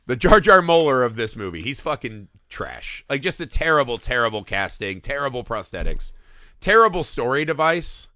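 A man's voice: mid-range voice, normal speed, no room sound, clean studio sound. A man co-hosting a film podcast, chatting casually and profanely about a movie. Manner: animated, profane, acts out movie lines. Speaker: podcast co-host. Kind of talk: casual film review chat.

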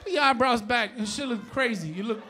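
A middle-aged man with a New York accent doing a profane stand-up set on a live stage, often shouting his punchlines and laughing through the bits. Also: very high voice, a little fast, a faint crowd, slight background noise. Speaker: stand-up comedian. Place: live comedy stage before an audience.

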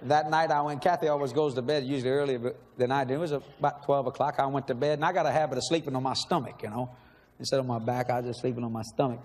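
A middle-aged man, telling a story in a sermon with animated energy, laughing and shouting at the peaks. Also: medium pitch, fast talker. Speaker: preacher. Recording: long reverb in a large hall, faint noise.

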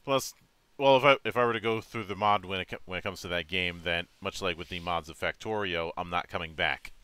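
Bright-voiced man hosting with jovial flair. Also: sits low, fairly quick, smooth, no room sound. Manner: jovial, theatrical sign-off, laughs often. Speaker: host. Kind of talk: casual interview chat.

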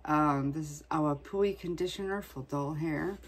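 A woman's voice: deep voice, moderate pace. A woman vlogger chatting casually, venting in a blunt, profane way. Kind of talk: casual chat.

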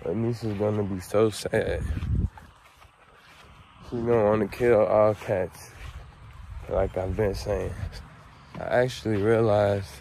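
A man vlogging outdoors on his rural property, talking in a laid-back, slangy way and calling loudly to his dog. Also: fairly low pitch, steady tone, slow, vocal fry, pauses often, a little hiss or hum. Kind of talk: casual outdoor vlog.

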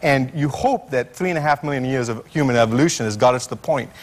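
A male scientist appears as a guest on a late-night talk show, telling stories in a fast, mid-range voice. He's an animated storyteller whose speech is full of fillers and restarts.

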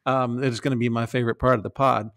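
A middle-aged man talking on a podcast in a lively, casual way, laughing often and slipping into silly voices. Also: medium pitch, fast. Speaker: podcast host.

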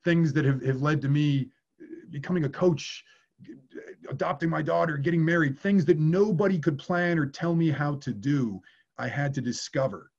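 A man's voice: fairly high pitch, moderate pace, gravelly, a little mellow, muffled recording. A man working as an acting coach, answering viewer questions in a candid way and swearing casually.

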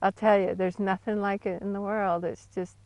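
Brief: middle-aged woman, enthusiastic interviewee, warm casual talk. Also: mid-range voice, normal speed. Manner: excited, gushing, laughs easily. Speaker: interviewed hunter.

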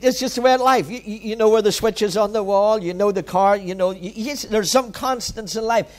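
A pastor preaching with a notably high voice. He speaks emphatically, repeats key phrases and exhorts his congregation directly. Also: darkish tone. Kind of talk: sermon.

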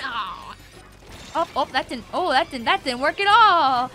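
A young woman streamer giving excitable, teasing commentary on her own gameplay from a desk microphone at home. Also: sits high, moderate pace, soft background music. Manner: playful, teasing, squealing and laughing often. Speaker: gaming streamer.

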